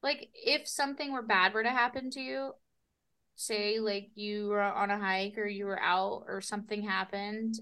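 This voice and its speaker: A young woman co-hosting a casual podcast, telling stories with big swings between loud and quiet, swearing freely. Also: medium pitch, smooth. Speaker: podcast co-host. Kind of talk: casual chat.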